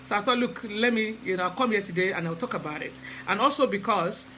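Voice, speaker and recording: Man, high and sharply bright voice, relaxed hesitant live-stream host who chats with viewers. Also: brisk, a little hiss or hum, rough recording. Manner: chatty, hesitant, greets viewers by name. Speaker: spiritual practitioner hosting a live stream. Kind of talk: casual live-stream talk. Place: lives in England.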